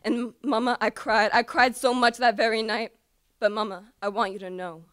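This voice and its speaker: A woman's voice: fairly high pitch, level tone, normal speed, fairly bright tone, smooth, no room sound, clean studio sound. A teenage girl performing an impassioned, pleading slam poem with repetitive cries to her mother. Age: teens. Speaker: student poet.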